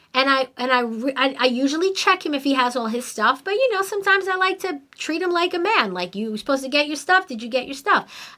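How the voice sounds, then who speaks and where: Animated, fairly high-voiced woman host. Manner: animated, emphatic and conversational. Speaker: podcast host. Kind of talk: casual storytelling monologue.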